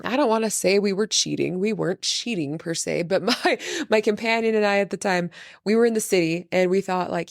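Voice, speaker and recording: A woman's voice: mid-range voice, brisk, vocal fry, no room sound. Woman podcast host, 30s, chatty story, keeps laughing, dry close sound. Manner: animated, laughs often through her story. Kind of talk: casual storytelling chat.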